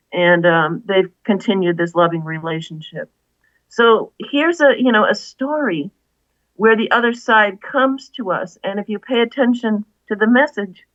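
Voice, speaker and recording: A woman's voice: medium pitch, fairly bright tone, no room sound, lo-fi sound. A woman, an author guest, earnestly retelling a story in an interview, with many asides.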